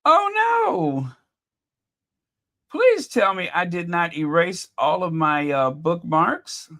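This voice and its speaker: This livestream commentary host speaks slowly in a high-pitched, fairly bright voice with big pitch swings. He's casual, chatty and exasperated, thinking aloud while addressing viewers.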